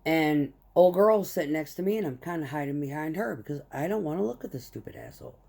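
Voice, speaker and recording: A woman's voice: low voice, lively intonation, fast, vocal fry, a little mellow. A woman truck driver telling a heated, profane story about a work conflict in short clipped phrases. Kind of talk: casual storytelling rant.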